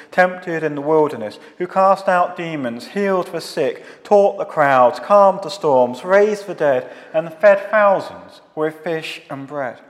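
Solemn man preaching in a reverberant hall. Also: on the high side. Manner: measured, solemn, rhetorical lists. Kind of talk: scripted theological sermon.

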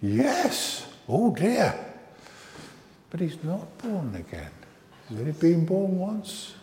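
Guy leading family service, lively up-and-down voice, dark tone, roomy church sound. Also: high-pitched, takes it slowly. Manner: gentle, coaxing, questions to children. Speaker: licensed lay minister. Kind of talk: family service talk with a puppet. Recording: echoey church hall.

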